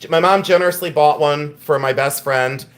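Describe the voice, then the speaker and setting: A man hosting a live jewelry sale stream, chatting excitedly, joking and laughing with viewers. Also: on the high side, moderate pace. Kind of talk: casual live-stream sales chat.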